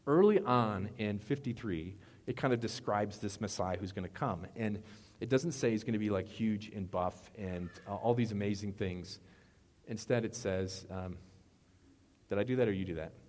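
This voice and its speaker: Low-voiced pastor in a reverberant hall. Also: male voice, moderate pace. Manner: conversational, animated storytelling with asides to the congregation. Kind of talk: casual sermon. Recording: long reverb of a large hall.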